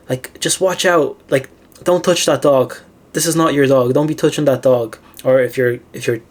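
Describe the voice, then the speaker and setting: Male host, casual storyteller, mid pitch, filler-heavy chat with self-amused laughs. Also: darkish tone. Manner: chatty, many "like" fillers, laughs at own stories. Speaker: philosophy channel host.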